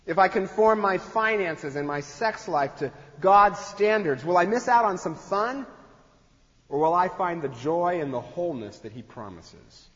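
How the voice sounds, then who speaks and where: A man's voice: high-pitched, expressive, unhurried, a bit bright. Conversational male pastor in a reverberant hall. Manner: conversational, acts out quoted voices. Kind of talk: sermon. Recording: dull sound in a long-echo hall.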